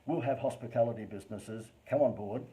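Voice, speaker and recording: A man with an Australian accent giving a live-streamed business talk as a marketing presenter, with animated, over-the-top inflection and chatty, informal asides. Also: mid-range voice, a little fast, poor audio.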